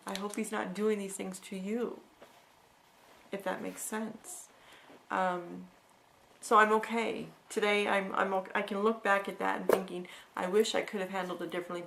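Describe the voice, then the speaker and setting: A woman's voice: mid-range voice, creaky, fairly bright tone. A middle-aged woman talking earnestly and reflectively about her own past, often restarting her sentences. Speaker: vlogger sharing personal experience. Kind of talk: candid personal talk.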